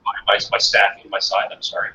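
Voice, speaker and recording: A soft-spoken man playing in a tabletop game, chatting casually. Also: fast talker, reverberant, lo-fi sound, a crowd in the background. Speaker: player. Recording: distant mic with hiss.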